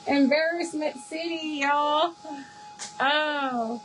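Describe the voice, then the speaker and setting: A woman's voice: high voice, slow pace, pauses often, slight background noise. A woman hosting a craft livestream, chatting casually, laughing often and answering viewers by name. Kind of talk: casual live chat while crafting.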